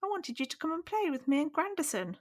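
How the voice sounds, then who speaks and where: A woman voicing an eager, chatty little boy in a strange high childlike voice. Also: very animated, fast talker.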